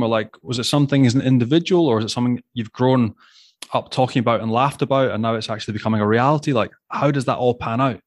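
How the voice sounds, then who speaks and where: Scottish male host, mid-pitched, long rambling questions, close and dry. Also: quick pace, dry recording. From Scotland. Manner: chatty, rambling, laughs easily. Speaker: podcast host. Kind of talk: casual interview chat.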